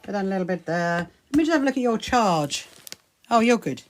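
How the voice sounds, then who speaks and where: A cheerful woman hosts a live sewing stream from a home sewing room, talking to viewers while she works at the machine. Her chat is upbeat and full of quick greetings and laughs. Her pitch sits in the middle range, with a faint hiss in the background. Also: expressive. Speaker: livestream host.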